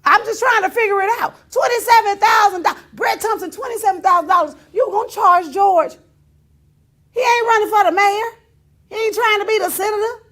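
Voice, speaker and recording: Lively, high-pitched talk show host woman. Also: gravelly. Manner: laughing often, mimicking others in quotes, exclaiming. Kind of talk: animated storytelling monologue.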